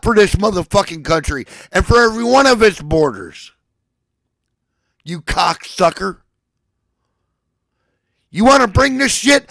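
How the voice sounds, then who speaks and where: A man delivering a furious, profane rant, shouting at times and at others dropping to a low seething threat. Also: gravelly, no room sound, poor audio. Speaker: ranting speaker.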